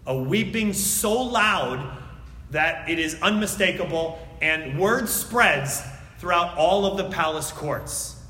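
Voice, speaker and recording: A man preaching a sermon and reading scripture aloud, swinging between loud emphatic lines and hushed, near-whispered words. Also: fairly high pitch, slight background noise. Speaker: pastor. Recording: echoey hall.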